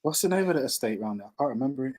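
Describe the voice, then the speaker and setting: A man, talking in a measured, reflective way during a casual chat. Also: medium pitch, lively intonation, darkish tone.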